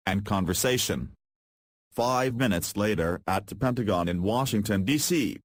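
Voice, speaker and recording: Deadpan low-voiced man reading a story. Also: moderate pace, no room sound. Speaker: reader of fan fiction.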